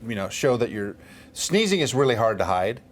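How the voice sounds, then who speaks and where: A man's voice: medium pitch, sing-song, fairly quick. A man in his forties co-hosting a morning talk show, chatting casually and joking around. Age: 40s. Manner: jokey, puts on silly voices. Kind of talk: casual chat.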